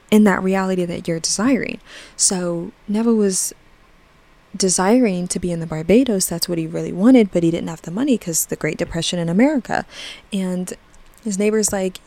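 A woman's voice: mid-range voice, vocal fry, darkish tone. A young woman hosting a podcast, chatting casually with lots of "like" and "um", light laughs and the odd swear word. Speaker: podcast host.

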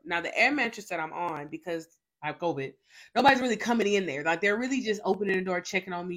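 A young woman shares a personal faith testimony as a show host. She talks emphatically, circling back with repeated fillers, in a slightly low voice. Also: quick pace, a bit bright.

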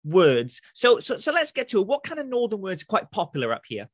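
A man from southern England hosting a podcast interview, excitable and quick to laugh. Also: sits high, dry recording, clean studio sound. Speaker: podcast host.

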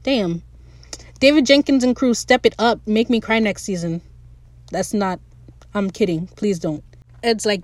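A young woman recapping a TV episode in an excited, playful, gushing way. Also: mid-range voice, normal speed, no room sound. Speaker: podcast host reviewing a show.

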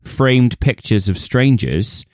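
A man's voice: medium pitch, lively intonation, slow, no echo, studio quality. A man co-hosting a comedy film podcast, sardonic and sweary, with frequent "yeah" backchannels. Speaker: podcast co-host. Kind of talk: casual comedic film chat.

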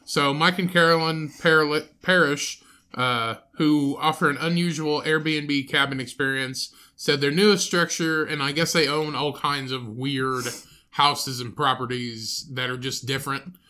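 A male podcast co-host who talks loosely, swears and laughs a lot. His voice sits a bit high and sounds bright and forceful. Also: steady tone, measured pace. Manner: loose and profane, laughs often, trails off. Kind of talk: casual chat.

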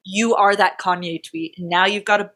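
An American woman with a bright, ringing voice tells a true-crime story for a podcast. She swears freely and mixes in sarcastic asides. Her delivery stays animated and loose. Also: medium pitch, moderate pace. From United States. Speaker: podcast host.

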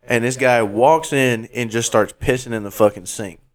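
A man's voice: medium pitch, normal speed. A man co-hosting a podcast, telling a profane bar story with laughter and energy. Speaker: podcast co-host. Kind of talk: casual storytelling chat.

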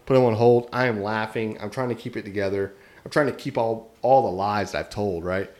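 A man's voice: fairly low pitch, steady tone, brisk, a little mellow. A man telling a long prank story in casual talk, rambling with many restarts and laughing at himself.

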